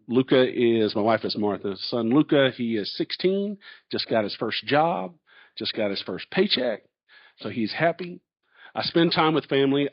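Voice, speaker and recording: A middle-aged man, a candidate answering questions in a public forum in a folksy, storytelling way. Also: mid-range voice. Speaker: chancellor candidate. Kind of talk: public Q&A presentation. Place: large hall. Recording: dull lo-fi audio.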